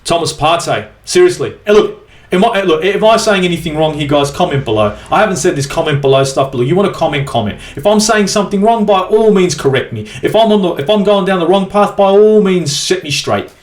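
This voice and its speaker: A man's voice: sits high, animated, fairly quick, reverberant. An Australian man ranting angrily as a football fan vlogger in a profane, exasperated match review. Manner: angry, sweary, exasperated.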